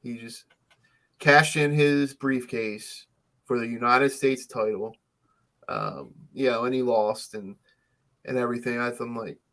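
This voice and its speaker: A man with a gravelly voice chats loosely on a podcast. He rambles, circles back and fills the gaps with ums and likes. His pitch sits in the middle of the male range. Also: unhurried, a bit bright. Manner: rambling, full of fillers and restarts. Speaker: podcast co-host. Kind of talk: casual podcast chat.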